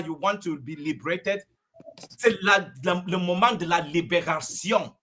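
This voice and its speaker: A man's voice: sits high, a bit bright, breathy edge. A man giving impassioned political commentary as a guest on a panel, emotional and rousing. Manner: emotional, rousing, rapid delivery. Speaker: diaspora commentator.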